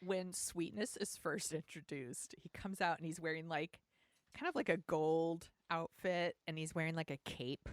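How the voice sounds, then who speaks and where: Lively woman co-host, lowish voice. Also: moderate pace, no echo, clean studio sound. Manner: enthusiastic, animated retelling. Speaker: podcast co-host. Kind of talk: casual movie chat.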